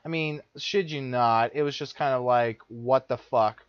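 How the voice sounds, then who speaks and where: A man's voice: mid-range voice, fairly even intonation, moderate pace, few pauses, clear, resonant tone, no echo. Young man, vlogger, exasperated profane rant, muffled lo-fi sound. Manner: profane, repetitive, exasperated ranting. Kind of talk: ranting personal story. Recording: dull lo-fi dry recording.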